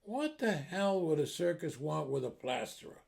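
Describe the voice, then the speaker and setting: A man playing a talking duck, male, deadpan, matter-of-fact, raspy, somewhat high. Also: moderate pace. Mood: puzzled. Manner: dry, matter-of-fact, quizzical.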